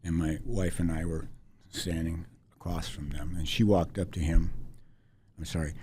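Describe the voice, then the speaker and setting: A man in his sixties, a podcast guest telling a personal story in a halting, reflective way with many restarts. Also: low voice, steady tone, mellow, slight background noise. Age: 60s.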